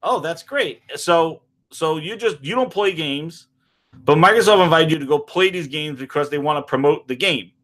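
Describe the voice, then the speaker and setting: A man plays the interviewer in a comedic parody interview and keeps nudging his guest along with questions. His voice sits a bit higher than most men's, and he often repeats himself as he prods. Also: normal speed, a bit bright.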